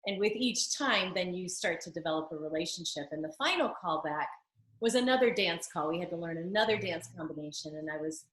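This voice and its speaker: A woman telling an emotional story in an animated way as an interview guest, speaking over a video call. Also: on the low side, a little fast. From United States. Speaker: interview guest, singer and actress. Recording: roomy video-call audio.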